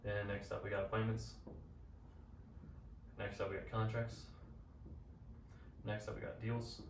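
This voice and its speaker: A man's voice: fairly low pitch, level tone, a little slow, creaky. Casual young man teaching at a whiteboard. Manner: casual, upbeat, slangy explaining. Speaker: business coach. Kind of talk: whiteboard business lesson. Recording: roomy, from a distance, faint noise.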